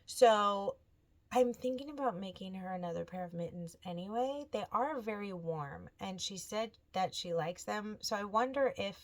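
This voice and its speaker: A woman in her thirties hosting a knitting video podcast, telling stories in a chatty, animated way and acting out the people she quotes. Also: medium pitch. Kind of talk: casual chat.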